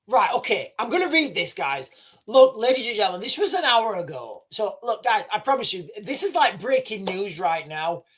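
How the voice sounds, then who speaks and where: A man hosting a livestream, reading breaking news aloud live. He is excitable, swears freely, and stammers and restarts his sentences. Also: high-pitched, normal speed, husky. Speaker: livestream host.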